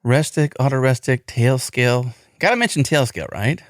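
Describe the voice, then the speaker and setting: A man's voice: mid-range voice, expressive, normal speed, dry recording, studio quality. A middle-aged American man hosting a podcast, rambling enthusiastically with frequent restarts. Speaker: podcast host. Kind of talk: casual podcast chat.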